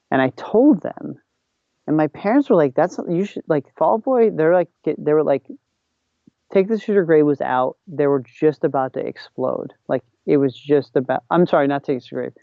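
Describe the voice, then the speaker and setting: A man's voice: medium pitch, vocal fry, no echo. A man guest on a podcast, casually telling a rambling story with lots of "like" and acted-out quotes, on a dull lo-fi recording. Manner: rambling, heavy use of "like", acts out quotes.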